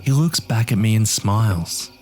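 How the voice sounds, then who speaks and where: A man's voice: fairly low pitch, lively intonation, moderate pace, a little mellow, faint music behind. A man narrating a horror story in the first person with a gritty, streetwise delivery.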